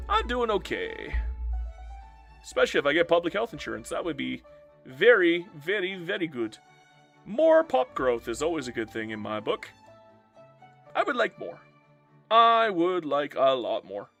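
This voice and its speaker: A man's voice: high voice, bright, forceful tone. A man live-streaming a strategy game and bantering playfully with his chat as he reads their messages aloud.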